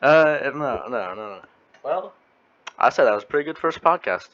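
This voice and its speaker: A man's voice: medium pitch, expressive, moderate pace, a bit bright. Rambling man hosting a lo-fi podcast. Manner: rambling, chuckling, trails off mid-sentence. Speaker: podcast host. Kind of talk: casual podcast chat. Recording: slightly muffled lo-fi audio.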